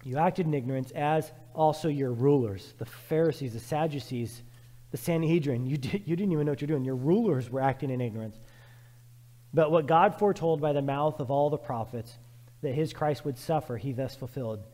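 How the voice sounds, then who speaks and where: A man preaching a sermon as pastor, emphatic and repetitive, swinging from loud urging to quiet, reflective passages. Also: a little high, a little fast, long reverb tail.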